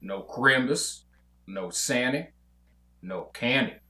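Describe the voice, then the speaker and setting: A man playing a gruff drawling rancher. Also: mid-range voice, slow, sharp tone, reverberant. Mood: scolding. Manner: rough drawling scolding. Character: gruff bossy male rancher, impatient and cussing. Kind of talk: comedy table read.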